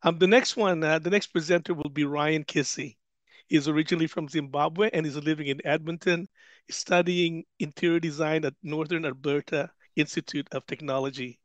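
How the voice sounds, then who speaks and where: A man's voice: on the high side, steady tone, a little fast, no room sound, highs cut off. A man moderating a webinar, introducing the next presenter in a hesitant way with many fillers. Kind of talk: event moderation.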